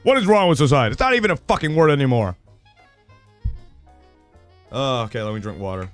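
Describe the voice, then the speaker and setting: A man in his thirties chatting casually on a live stream, excitable and foul-mouthed, breaking into shouted rants and laughter. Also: medium pitch, a little fast, soft background music. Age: 30s.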